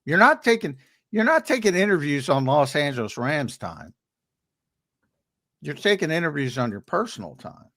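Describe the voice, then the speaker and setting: An American man sits in as co-host analyst and talks shop with real emphasis. His voice has a gravelly edge and swings widely up and down. He stumbles over restarts as he pushes his advice. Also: fairly high pitch, normal speed. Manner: animated, emphatic, gives advice with repeated restarts. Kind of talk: sports analysis chat.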